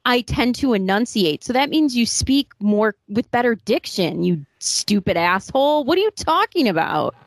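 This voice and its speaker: A woman's voice: fairly high pitch, sing-song, normal speed, hardly any pauses, no echo. A woman co-hosting a podcast, sarcastic and indignant, with plenty of swearing. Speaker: podcast co-host. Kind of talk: casual podcast banter.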